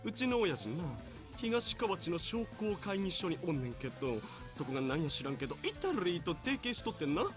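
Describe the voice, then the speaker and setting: A man's voice: high voice, big pitch swings, rapid-fire. An actor voicing a brash, flashy young man with a thick Kawachi Kansai drawl, pushy and boastful. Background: game music.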